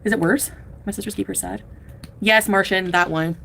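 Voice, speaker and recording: An excitable woman host chatting casually on a livestream and reading out donor names. Her voice sits mid-range, with faint ambience behind her. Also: medium pitch, normal speed, slight background noise. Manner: excitable, squeals thanks to donors.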